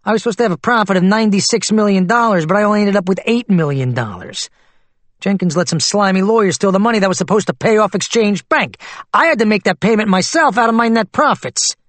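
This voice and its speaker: A male narrator voicing a blustering middle-aged company boss in a storybook reading, talking in loud indignant bursts. His voice climbs high and swings widely as he protests. The sound is close and dry. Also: very animated, fairly quick, no room sound, full character voice. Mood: outraged. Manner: loud, indignant outbursts, swearing.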